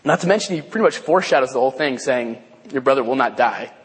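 A man giving a casual Bible lesson, halting and repeating himself with many fillers. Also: mid-range voice, animated, a little hiss or hum. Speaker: Bible study teacher. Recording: long hall reverb.

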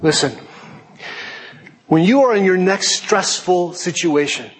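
A middle-aged man preaching a sermon in a lively, joking way, slipping into put-on voices for effect. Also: unhurried, long reverb tail, slight background noise. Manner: animated, jokey, puts on high panicky voices. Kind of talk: sermon with acted asides.

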